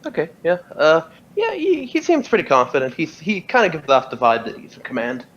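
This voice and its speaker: A man's voice: on the high side, sing-song, fairly quick, a bit bright, lo-fi sound, slight background noise. A man narrating as game master of a tabletop game, hesitant and full of fillers.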